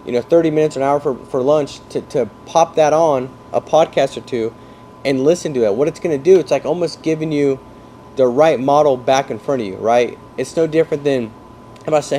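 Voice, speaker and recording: A man coaching salespeople in an energetic talk, explaining through football comparisons and often checking that his listeners follow. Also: medium pitch, fairly quick, a little hiss or hum. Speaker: sales trainer.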